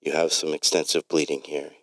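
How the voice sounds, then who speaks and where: A man voicing a calm, matter-of-fact male surgeon in a read-aloud story. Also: a bass voice, a little fast, no echo.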